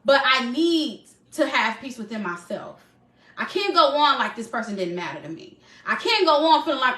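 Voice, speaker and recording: Earnest, emphatic woman, high bright voice. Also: sing-song, normal speed, roomy sound. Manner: earnest, emphatic, repeats phrases for stress. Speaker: live-stream host. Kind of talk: heartfelt live talk. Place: her home.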